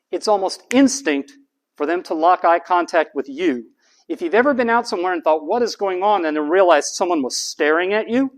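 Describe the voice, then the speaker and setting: Lecturer with a raised classroom voice. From United States. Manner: raised classroom pitch, slow and emphatic. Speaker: university lecturer.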